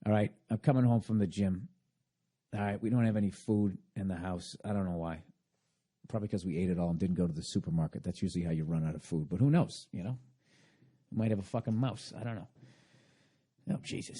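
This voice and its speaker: A man's voice: on the low side, warm tone, breathy edge. A man hosting a podcast, talking in a rambling, profane, sarcastic comedic monologue. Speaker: podcast host.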